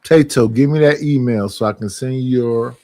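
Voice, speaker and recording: A man's voice: medium pitch, moderate pace, darkish tone, dry recording. A man hosting a livestream group call, talking bluntly and joking with a lot of swearing. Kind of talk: casual livestream chat.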